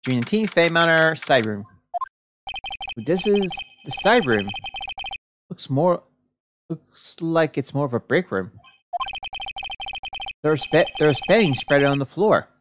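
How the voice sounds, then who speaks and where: A woman streamer reading a video game's text aloud in a plain, low-key way, adding small asides as she plays. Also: expressive, slow pace, long pauses, noisy background. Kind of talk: reading game dialogue aloud while playing. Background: game music.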